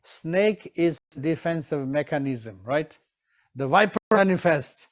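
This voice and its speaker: A man's voice: on the high side, animated, slow pace. A man teaching Tibetan medicine in a live session, in non-standard English, who keeps checking in with his listeners and acts out his examples.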